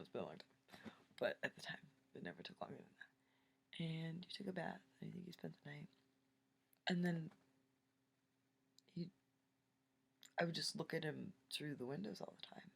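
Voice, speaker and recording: A young adult woman telling a rambling personal story in a breathy, half-whispered voice, full of fillers and restarts. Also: deep voice, a little mellow. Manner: rambling, filler-heavy, self-correcting.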